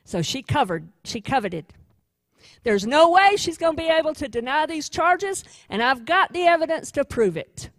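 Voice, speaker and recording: A woman voicing a scornful male prosecutor who loudly lists charges against a sinner in a sermon. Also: high-pitched, sing-song, moderate pace, no room sound, voice pushed up. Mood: accusing. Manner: loud, accusing, listing charges.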